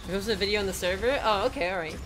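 A woman's voice: mid-range voice, rapid-fire, background noise. A young woman streaming a video game, chatting candidly and rambling as she answers her chat, swearing freely. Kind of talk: casual gameplay stream chat.

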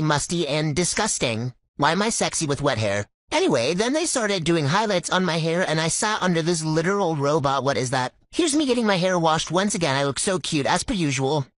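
A woman's voice: fairly low pitch, dry recording. A young woman narrating a casual vlog in a sassy, self-mocking way. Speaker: skit creator.

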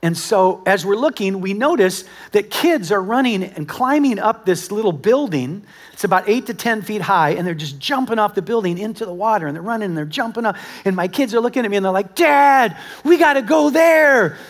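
High-voiced male pastor preaching. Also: fairly quick. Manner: animated storytelling with acted-out quotes; conversational, talks directly to the congregation. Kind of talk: sermon. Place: church service with a congregation.

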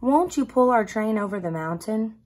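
A group of little toy dolls from a storybook, pleading politely for help, as a woman voices them. The tone is slightly breathy. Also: on the high side, lively intonation, normal speed, a little mellow, pitched above the performer's own voice.

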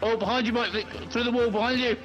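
A man chatting casually while playing a co-op game, joking and quick to shout in panic. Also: extremely high pitch, steady tone, highs cut off, music in the background. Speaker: co-op gamer. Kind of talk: casual gameplay chat.

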